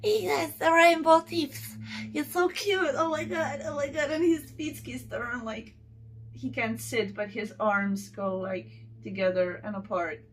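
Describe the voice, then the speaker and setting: A woman vlogger chats casually to her viewers, gushing and speaking to them directly. She talks at an unhurried, drawn-out pace in a fairly high voice. A faint hiss sits under her voice. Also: steady tone. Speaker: channel host. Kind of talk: casual unboxing chat to viewers.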